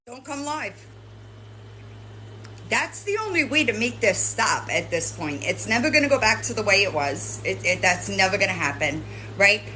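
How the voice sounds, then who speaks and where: Brief: woman commentary host, confrontational and lecturing, bright, animated delivery. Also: medium pitch, low-quality recording. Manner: lecturing, scolding, keeps adding "right?", swears. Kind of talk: confrontational commentary addressing a streamer.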